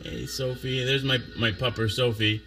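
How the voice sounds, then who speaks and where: A man's voice: mid-range voice, fairly even intonation, moderate pace, music in the background. A man hosting a casual livestream, chatting loosely and thinking aloud as he reads viewer comments, with frequent chuckles.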